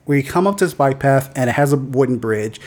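A man co-hosting a podcast, telling a casual story in an animated, profane way and breaking into mock yelling. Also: medium pitch, brisk. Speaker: podcast co-host.

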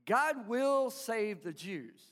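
A man preaching in a very high voice at a slow, deliberate pace. He is emphatic, repeats himself in stammers and keeps calling on the congregation to answer. His voice rings with long reverb from a large church hall. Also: lively intonation, fairly bright tone. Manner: emphatic, call-and-response with the congregation. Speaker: pastor. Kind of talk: sermon.

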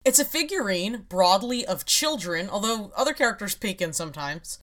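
A woman's voice: mid-range voice, expressive, normal speed, a bit bright. A woman hosts a casual podcast chat. She explains her topic in a wry, rambling way, with frequent laughs. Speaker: podcast host.

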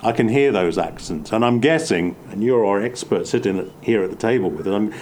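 A man's voice: lowish voice, a little fast, slight background noise. A man with an English accent from the Midlands chatting reflectively at a table, often restarting his sentences. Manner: reflective, many restarts, animated bursts. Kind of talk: casual chat.

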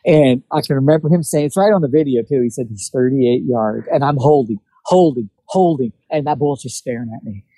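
A man's voice: fairly high pitch, brisk, few pauses, no echo, low-quality recording. A man telling a hunting story in a casual chat, acting out what people said. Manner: animated storyteller acting out quotes. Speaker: guest telling hunting stories.

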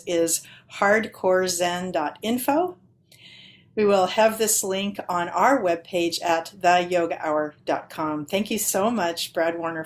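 A woman with a somewhat low voice hosts an interview podcast. She offers short affirming replies, then reads a smooth, practiced sign-off. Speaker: podcast host. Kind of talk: interview hosting.

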